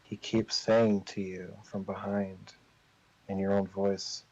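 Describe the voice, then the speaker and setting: A man narrating a tabletop game as game master, telling the story in a slow, drawn-out way. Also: low-pitched, little pitch movement, darkish tone. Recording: dull lo-fi recording.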